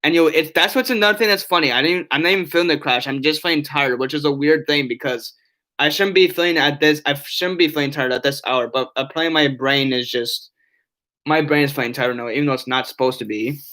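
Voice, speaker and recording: A man's voice: fairly high pitch, quick pace, sharp tone. A young man live-streaming from his bedroom, rambling to his chat with many restarts and fillers.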